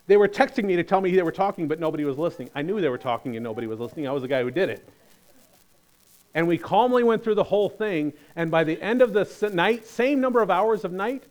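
A man preaching a sermon in a conversational, storytelling way, moving between lively and quiet delivery. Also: a little high. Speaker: pastor.

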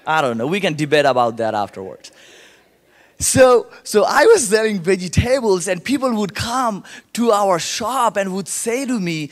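Animated Indian-accented man in echoing hall. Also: high voice, normal speed. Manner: animated storyteller, acts out voices in quotes. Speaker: guest speaker sharing testimony. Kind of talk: church testimony to a congregation. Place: church sanctuary. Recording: long hall reverb.

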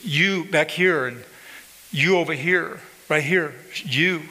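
A man's voice: fairly high pitch, slow pace, bright, forceful tone, in a large hall, poor audio. A man preaching a sermon to his congregation, emphatic and repetitive, pointing out people in the room. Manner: emphatic preaching, repeats phrases, addresses congregation directly. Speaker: pastor. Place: church sanctuary.

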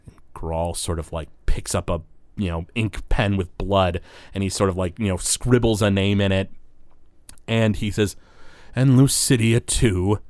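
A man's voice: sits low, level tone, moderate pace, a little mellow, no echo. A man narrating as game master, loosely and with many fillers.

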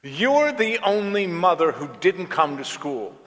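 A man's voice: a little high, slow pace, sharp tone. A man voicing an upset, indignant twelve-year-old girl during a sermon story, with her lines raised and accusing. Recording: long reverb of a church hall.

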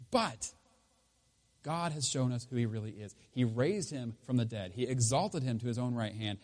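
A man preaching a sermon in a conversational, emphatic way, his voice rising loud and dropping low. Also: moderate pace. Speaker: pastor.

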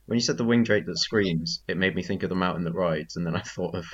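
Very deep-voiced rambling podcast man. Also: fast talker, slightly rough, muffled recording. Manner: rambling, self-correcting tangents. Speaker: podcast co-host. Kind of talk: casual chat.

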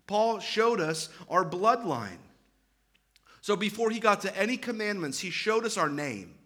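A man in his thirties delivering a sermon in a fairly high, bright, forward voice. He preaches with earnest, emphatic conviction, slipping into relaxed conversational asides and often restarting or repeating phrases as he builds a point. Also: measured pace. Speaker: pastor.

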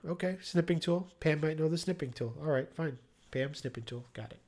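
A man's voice: fairly high pitch, fairly quick, a little mellow. A man co-hosting a podcast, recapping a TV episode in a joking, offhand way with plenty of fillers. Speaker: podcast co-host. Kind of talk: casual chat recapping a TV episode.

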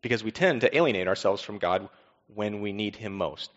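Low-voiced pastor preaching in a hall. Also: male voice, a little fast, muffled recording. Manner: conversational preaching with rhetorical questions and repeated refrains. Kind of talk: sermon.

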